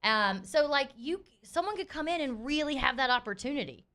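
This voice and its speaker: Sports talk host, female, higher pitch, very lively, chatty. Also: brisk. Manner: chatty, laughs often.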